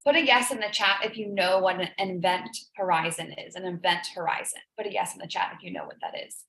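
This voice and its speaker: Low-ish and quick, her voice holds a steady, fairly bright tone. She's the host of a live business coaching stream in an echoey room, giving a motivational talk that's earnest, emotional, and full of repeated phrases for emphasis.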